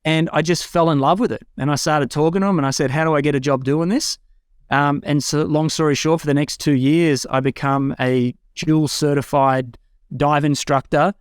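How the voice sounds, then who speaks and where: An Australian man in his forties, a guest, tells his life story in conversation, frank and earnest, sometimes lifting into excited quotes of his own words. His voice is a little high and smooth at a normal speed, recorded with clean studio sound and no echo in a home room with a bookshelf.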